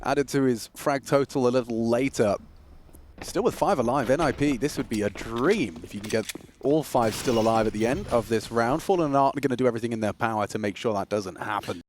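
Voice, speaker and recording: Excitable male esports co-caster. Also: medium pitch, a little fast, a little hiss or hum. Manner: excitable, joking co-commentary. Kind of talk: live esports commentary.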